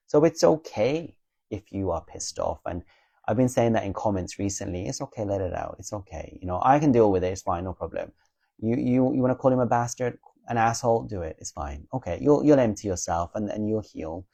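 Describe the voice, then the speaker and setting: A man's voice: on the low side, warm tone, no echo. A man speaking casually and earnestly to viewers about spiritual healing, reassuring them, checking in with "okay?" and swearing bluntly now and then. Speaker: spiritual advice creator.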